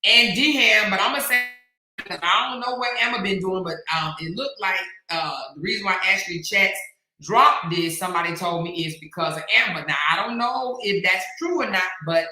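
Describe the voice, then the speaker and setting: A woman hosting a drama commentary chat, sassy exclamations and loud cackling laughs. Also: mid-range voice, normal speed, roomy sound, low-quality recording. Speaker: commentary channel host.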